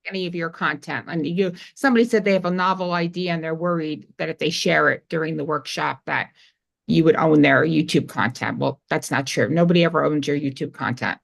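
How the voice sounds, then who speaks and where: A woman's voice: low voice, fairly quick, gravelly. A woman co-hosting a live webinar, reading audience questions aloud and passing them on. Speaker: webinar co-host reading comments.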